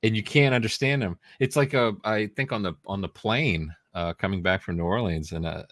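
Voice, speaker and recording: A man's voice: on the low side, a little fast, fairly bright tone, dry recording, studio quality. A man co-hosting a podcast, telling funny stories in casual chat and laughing often. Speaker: podcast co-host.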